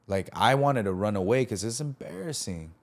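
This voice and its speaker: A man's voice: fairly low pitch, moderate pace. A young man hosting a podcast, telling a personal story in a casual, slangy way and acting out what others said. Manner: animated, acts out the quoted lines of others; casual, slangy, many fillers. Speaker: podcast host.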